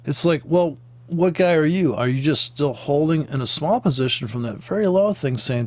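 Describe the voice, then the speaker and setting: A man's voice: fairly high pitch, animated, fairly quick, no room sound. A man rambling through casual, joking commentary on forex trading, swearing freely and wandering off into tangents. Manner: profane, joking, tangent-prone, with laughs and sound imitations.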